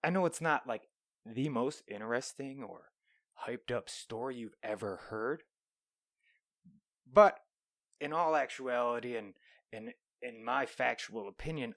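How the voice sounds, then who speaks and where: A man's voice: medium pitch, gravelly, a bit bright, dry recording, studio quality. A young man hosting a podcast alone, telling a rambling, profane story and dropping into whispers now and then. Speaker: podcast host. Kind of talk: solo storytelling monologue. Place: small room, alone.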